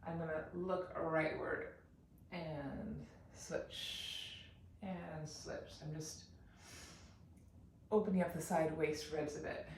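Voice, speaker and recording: A woman teaching a yoga class, calmly talking students through poses and breaths. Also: deep voice, recorded from a distance, a little hiss or hum. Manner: calm, unhurried cueing with breath counts. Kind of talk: guided yoga instruction. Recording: very echoey room, off mic.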